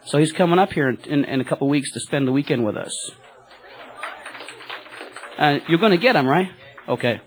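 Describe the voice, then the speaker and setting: A man, a cab driver, telling a rambling, excited testimony to a church group, full of fillers and restarts. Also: a little high, normal speed, pauses often, some chatter behind, rough recording.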